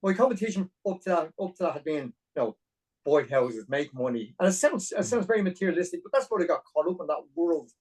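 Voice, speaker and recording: A man in his forties from Dublin with an Irish accent, a podcast guest telling his story in a lively, self-deprecating way with many restarts. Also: a little high, fast, husky, recorded from a distance, poor audio. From Ireland. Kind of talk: conversational storytelling.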